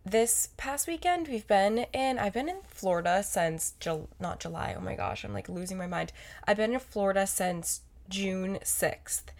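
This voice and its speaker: A woman's voice: mid-range voice, animated, measured pace, creaky, darkish tone. A woman co-hosting a podcast, chatting in a rambling, casual way and correcting herself as she goes. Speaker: podcast co-host. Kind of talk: casual chat.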